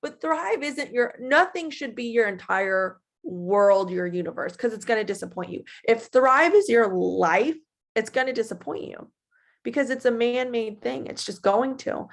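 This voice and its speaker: A woman's voice: fairly high pitch, moderate pace, vocal fry. Chatty young woman giving a pep talk. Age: 20s. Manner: animated and chatty, acting out her own past voice. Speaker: team leader giving a talk. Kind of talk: casual motivational talk.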